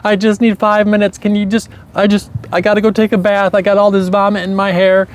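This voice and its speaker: Guy doing a high breathless young mom of twins, gushing and frazzled. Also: level tone, brisk, close to an everyday voice.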